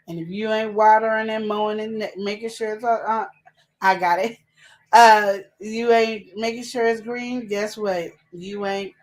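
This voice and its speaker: A woman co-hosting a live relationship advice show, chatting casually and fast, full of energy. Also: mid-range voice. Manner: chatty, animated, talks fast and laughs.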